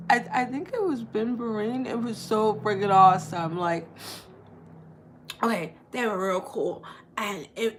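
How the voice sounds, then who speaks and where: A woman's voice: mid-range voice, slight background noise. A woman in her thirties chatting casually to her vlog viewers, rambling and playful, with lots of "like" and restarts. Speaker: vlogger.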